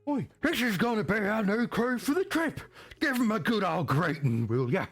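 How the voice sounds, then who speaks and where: A man voicing a rowdy, drunken dwarf ship captain who laughs and shouts in gruff sailor talk. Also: high voice, sing-song, normal speed, faint music behind, pitched above the performer's own voice, heavily acted. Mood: boisterous.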